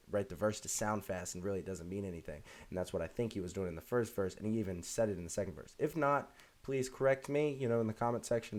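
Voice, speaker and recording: A man's voice: sits low, a little mellow. A man hosting a reaction video, chatting casually with lots of fillers and restarts. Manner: rambling, many fillers and restarts.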